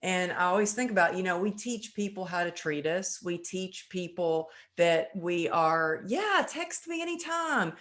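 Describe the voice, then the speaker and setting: A woman hosting a podcast interview, chatting casually and acting out her own thoughts with lively energy. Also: lowish voice, normal speed, hardly any pauses. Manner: animated, acts out her own inner voice. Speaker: podcast host.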